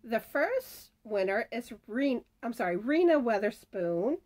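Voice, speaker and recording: A woman's voice: fairly high pitch, big pitch swings, a little slow, darkish tone. A woman hosting a crafting channel, chatting casually as she reads out giveaway winners and their comments. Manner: chatty, reads comments aloud, stumbles over names. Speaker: crochet channel host announcing giveaway winners. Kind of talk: casual chat.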